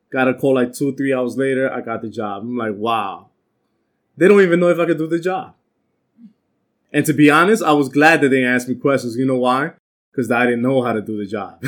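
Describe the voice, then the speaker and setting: A man teaching an informal bible class, telling stories from his working life and acting out the voices of the people in them. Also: mid-range voice. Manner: animated, acts out quoted voices, streetwise New York slang.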